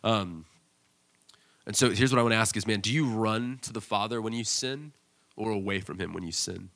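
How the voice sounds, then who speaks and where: A man's voice: fairly low pitch, moderate pace, creaky, a bit bright. A man, preaching a sermon in a conversational, storytelling way with frequent restarts. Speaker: pastor. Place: church stage.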